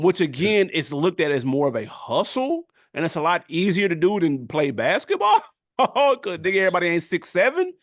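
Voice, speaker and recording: A middle-aged man co-hosting a podcast, talking in casual, animated chat full of street slang and quick laughs. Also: on the high side, no room sound, clean studio sound. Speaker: podcast co-host.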